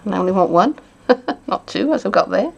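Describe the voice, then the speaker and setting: This papercraft demonstrator talks fairly quickly in an expressive mid-range voice with vocal fry, and the recording's highs are cut off. She's chatty as she makes a card, musing aloud and adding playful remarks.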